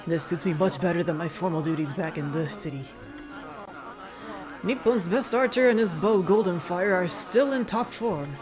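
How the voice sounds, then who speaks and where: A woman's voice: on the low side, normal speed, natural voice. A woman reading as a boastful wandering archer. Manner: boastful, earnest. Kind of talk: reading game dialogue aloud.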